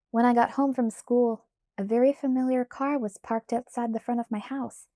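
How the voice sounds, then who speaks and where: A woman reads a first-person audiobook in a steady, clear storytelling voice. Her pitch sits a little high and her tone is mellow. The recording is dry and close. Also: moderate pace, dry recording. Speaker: audiobook narrator. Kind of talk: scripted first-person narration.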